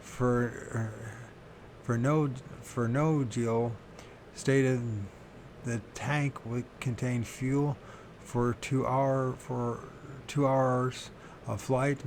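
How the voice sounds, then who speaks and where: Male amateur reader, unhurried and halting, frequent self-corrections, faint background noise. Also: medium pitch, level tone, a little mellow. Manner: slow halting reading with restarts and self-corrections; pauses to question his own pronunciation. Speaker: reader of a paranormal book. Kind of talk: unscripted reading aloud.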